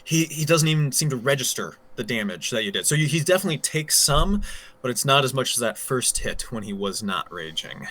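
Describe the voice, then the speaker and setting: A man's voice: medium pitch, very animated, brisk, pushed and bright. A man narrating as game master, thinking aloud with frequent ums and counting out moves.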